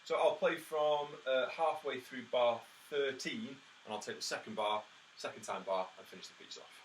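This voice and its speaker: A man's voice: medium pitch, moderate pace. A man giving a brass tutorial, explaining practice tips and counting beats and sounding out rhythms with spoken "ta" syllables. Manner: practical, encouraging, lots of "uh" and "um". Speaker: brass teacher. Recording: somewhat distant mic with faint background noise.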